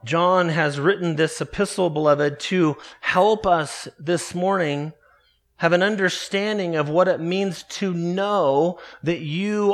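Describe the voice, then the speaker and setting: A man preaching a morning sermon, earnest and emphatic, slowing down to stress key words. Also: high-pitched, fairly bright tone. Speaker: pastor.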